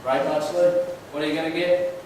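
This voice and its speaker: Chatty preacher in an echoing hall. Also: male voice, fairly high pitch, flat delivery, a little fast, darkish tone, a little hiss or hum. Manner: chatty, storytelling, asks the crowd questions. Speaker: church speaker. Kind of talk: conversational sermon. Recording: very echoey hall, mic far off.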